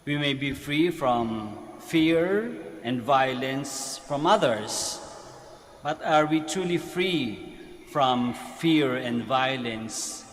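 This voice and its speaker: A man's voice: medium pitch, lively intonation, takes it slowly. A man with a Filipino accent, a priest giving a morning homily in a conversational preaching manner and posing rhetorical questions. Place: large church basilica. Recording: long church reverb with faint noise.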